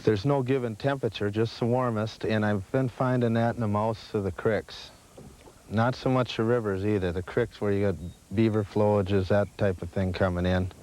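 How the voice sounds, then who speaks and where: A man's voice: fairly low pitch, steady tone, normal speed, darkish tone. A man explaining fishing patterns from a boat in a plain, matter-of-fact way. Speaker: local fishing guide. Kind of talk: casual on-the-water fishing chat. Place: outdoors on a boat on a lake. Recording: 1980s VHS field audio with light noise.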